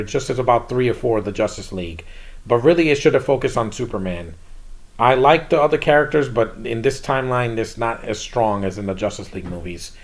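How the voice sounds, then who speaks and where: A man hosting his own channel, giving a casual, blunt and rambling movie review. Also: mid-range voice.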